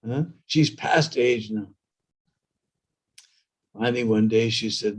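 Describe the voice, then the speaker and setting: A man's voice: lowish voice, slow, long pauses. A man preaching a storytelling sermon, talking conversationally and prompting listeners with "hmm?" and "huh?".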